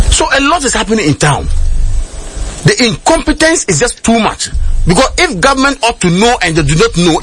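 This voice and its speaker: A man's voice: on the high side, fairly bright tone, slight background noise. A man with a Ghanaian accent, an outspoken political commentator on a radio panel, talking emphatically and switching between Twi and English.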